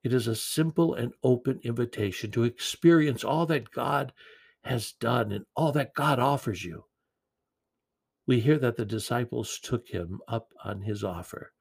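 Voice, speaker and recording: A man preaching a sermon in an earnest, gentle way, with occasional repeated words. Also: mid-range voice, measured pace, vocal fry, slightly rough.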